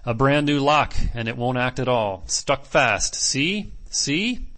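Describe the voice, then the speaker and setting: A man voicing a stolid middle-aged sea captain who speaks in a low, earnest way and wastes no words. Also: animated, takes it slowly, a bit bright.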